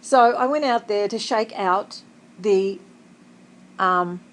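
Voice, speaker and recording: A woman's voice: mid-range voice, slow, a bit bright, poor audio. An Australian woman chatting in a rambling, conversational way in a personal vlog, often laughing, sitting up in bed in a hotel room. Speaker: vlogger.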